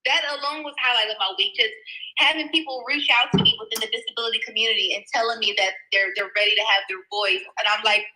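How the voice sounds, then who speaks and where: A woman's voice: a little high, steady tone, quick pace, bright, forceful tone, a little hiss or hum, low-quality recording. A woman speaking as a guest in a motivational faith talk, exuberant and effusive.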